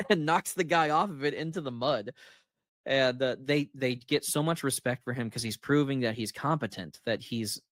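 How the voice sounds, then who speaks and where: A man hosting his own channel, chatting through a movie plot with real enthusiasm. He jumps his voice way up when quoting characters and laughs between beats. The sound is close and dry, with no room echo. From United States. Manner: animated storyteller, acts out quotes with big pitch jumps and laughs. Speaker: author and channel host. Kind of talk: casual movie retelling to camera.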